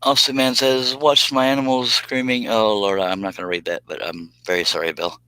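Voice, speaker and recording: A man's voice: mid-range voice, flat delivery, a little fast, bright, forceful tone, clean tone, dry recording, rough recording. A man hosting a casual live stream from his workshop, chatting as he works and reading out comments, rambling and self-deprecating with frequent chuckles. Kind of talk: casual live stream chat while working.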